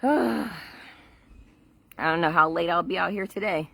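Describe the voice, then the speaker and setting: Chatty woman gardener, lower voice. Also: measured pace, vocal fry, fairly bright tone, no room sound. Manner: chatty and rambling, laughs often. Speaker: vlogger on a garden livestream. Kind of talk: casual livestream chat. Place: outdoors in a backyard garden. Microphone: phone livestream.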